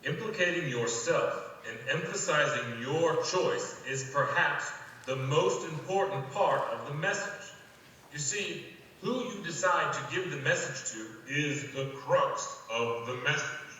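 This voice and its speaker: A man playing a calm, secretive guide who gives measured, deliberate instructions in a scripted audio play. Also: on the high side, a little hiss or hum. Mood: calm, instructive. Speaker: phone play narrator. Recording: echoey hall, voice from far off, faint ambience.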